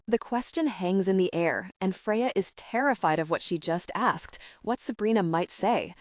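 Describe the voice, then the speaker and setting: Female audiobook narrator, measured and steady, mid pitch, very dry close studio sound. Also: dry recording. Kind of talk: scripted narration.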